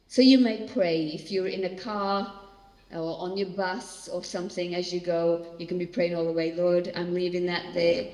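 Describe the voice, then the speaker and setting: A woman's voice: lowish voice, a little mellow. Earnest woman teaching in echoey hall. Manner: earnest, talks directly to audience members. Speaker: seminar speaker. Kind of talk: conversational church teaching.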